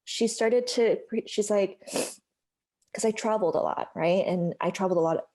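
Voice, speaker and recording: Woman in her thirties, American accent, mellow tone, candid conversational storytelling, lots of "like" and "you know". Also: medium pitch, moderate pace. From United States. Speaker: podcast guest.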